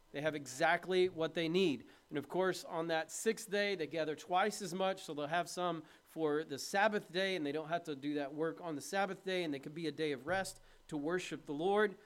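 Male pastor with a high voice, preaching an earnest, plain-spoken sermon and asking his congregation questions. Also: a bit bright. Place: church.

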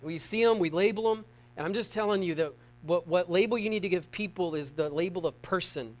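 A middle-aged man with a high voice preaches a sermon. He keeps it conversational and joking, often asking the congregation questions. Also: fairly quick. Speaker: pastor.

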